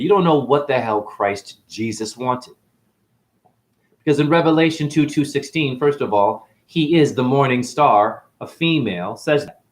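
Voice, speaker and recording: A man giving a preachy, boastful spiritual monologue to camera, breaking into sudden loud outbursts. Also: lowish voice. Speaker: self-styled spiritual teacher.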